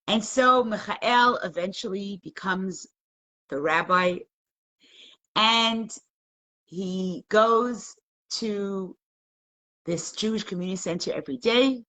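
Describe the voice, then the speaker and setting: A woman teaching a live class, telling a story in an animated, conversational way and acting out the quotes. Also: lowish voice.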